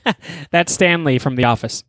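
A man co-hosting a casual podcast, reacting to the host with quick, casual remarks. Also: on the high side, fairly bright tone, no room sound.

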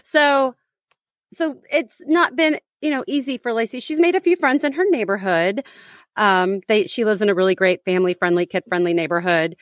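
A woman's voice: mid-range voice, normal speed, no room sound. A woman in her thirties chats with her co-host on a casual podcast, teasing and rambling through fillers and restarts. Her mid-range voice is recorded close and dry, with no room around it. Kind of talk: casual chat.

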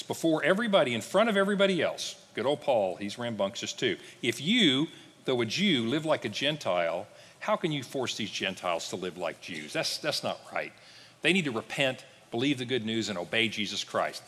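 A male pastor preaching a sermon, lively and joking, acting out biblical figures in little voices. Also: medium pitch, slightly rough, long reverb tail. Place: church sanctuary.

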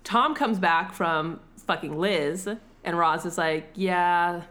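A woman's voice: on the low side, slow. A woman in casual chat, recapping a film with lots of laughter and acted-out lines. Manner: animated, laughs often, acts out characters' lines. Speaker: podcast co-host.

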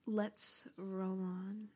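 A young woman, co-hosting a podcast in casual chat, blunt, excitable and quick to swear. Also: mid-range voice. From New Zealand. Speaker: podcast co-host.

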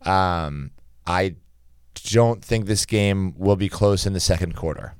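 A man's voice: deep voice, slow, clean tone, dry recording, studio quality. A young man co-hosting a casual sports betting podcast, rambling and restarting his sentences as he gives his picks. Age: young adult. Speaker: podcast co-host.

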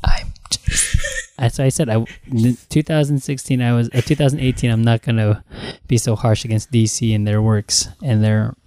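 A man co-hosting a casual podcast about movie and TV news, talking in animated, jokey rants with plenty of swearing. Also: medium pitch, a little fast, few pauses, clear, resonant tone, no room sound. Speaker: podcast co-host. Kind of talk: casual chat.

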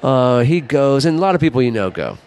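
Middle-aged man, casual chat, rambling anecdotes, quick laughs, medium pitch. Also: very animated, a little mellow. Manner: rambling storyteller, acts out quotes, laughs often. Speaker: podcast co-host.

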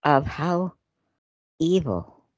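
A woman co-hosting a casual talk show, reading news aloud with animated outbursts and asides. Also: low-pitched, drawn-out words, dry recording. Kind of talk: casual political chat.

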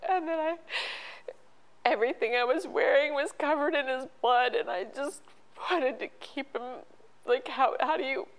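High-voiced middle-aged woman, halting storytelling. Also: rough recording. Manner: halting, emotional, with many restarts. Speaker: podcast guest. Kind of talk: personal storytelling in an interview.

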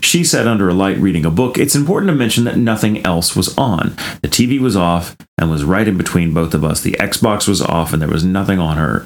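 A man co-hosting a podcast, reading a listener's ghost story aloud and breaking off into animated, laughing asides. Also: low-pitched, vocal fry, a little hiss or hum.

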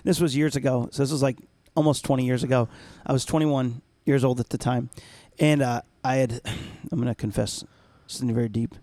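A man around forty, chatting casually as a podcast co-host and telling a lively story. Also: medium pitch, fairly quick, hardly any pauses, dry recording. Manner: animated storyteller, acts out voices and screams.

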